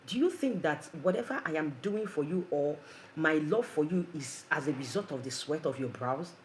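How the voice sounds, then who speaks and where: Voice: medium pitch, lively intonation, moderate pace, roomy sound, slight background noise, close to an everyday voice, rough recording. A preacher voicing God as a loving father who reassures firmly. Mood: reassuring. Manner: gentle, firm reassurance.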